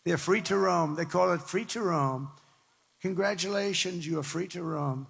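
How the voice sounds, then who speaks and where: A man's voice: high voice, moderate pace, vocal fry, fairly bright tone, husky. An older man from the New York area giving a campaign rally speech to a crowd in a large hall. He talks in a rambling, conversational way, repeating himself for emphasis. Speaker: political speaker. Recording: long reverb of a big hall.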